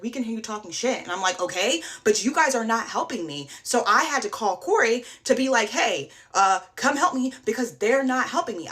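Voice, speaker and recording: A young woman telling a dating horror story to her phone in a casual, animated way, acting out what people said and swearing freely. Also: on the low side. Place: indoors, TikTok video.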